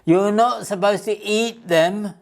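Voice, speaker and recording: A woman's voice: sits low, unhurried, a little mellow. A woman voicing a bossy, easily annoyed female duck in a children's storybook reading, snapping and sighing at others.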